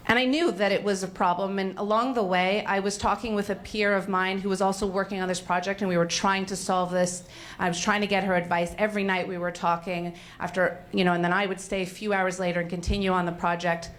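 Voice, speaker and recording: Candid, animated woman telling a story. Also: mid-range voice. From Canada. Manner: animated, candid, self-mocking, swears freely. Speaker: speaker at a failure-stories event. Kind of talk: storytelling talk on stage.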